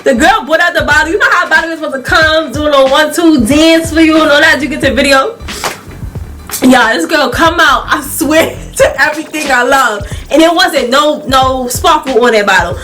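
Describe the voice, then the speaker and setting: A young woman with a high, bright voice spins a lively story-time tale for her channel, laughing through it and playing out the people she quotes. Soft music plays faintly beneath her talk. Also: a little fast. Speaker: YouTuber.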